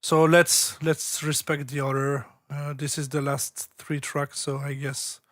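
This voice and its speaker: A man's voice: on the high side, flat delivery, measured pace, fairly bright tone, no room sound, clean studio sound. A man hosting a live stream that reviews listeners' tracks, chatting casually, repeating words and breaking into giggles. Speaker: host reviewing submitted tracks.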